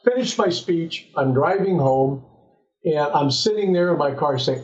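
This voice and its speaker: An older man from Southern California, a former pro football player, telling lively anecdotes as an interview guest, often restarting his sentences. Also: a little high, unhurried. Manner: animated anecdotes with frequent restarts. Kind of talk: relaxed storytelling in an interview. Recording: echoey, slightly dull sound.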